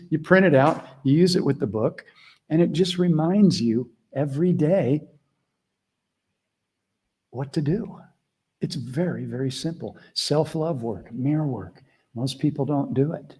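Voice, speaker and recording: A middle-aged man mentoring a group on a video call, talking earnestly and casually, shifting between quiet asides and emphatic points. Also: a little high, slightly rough. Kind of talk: casual teaching talk.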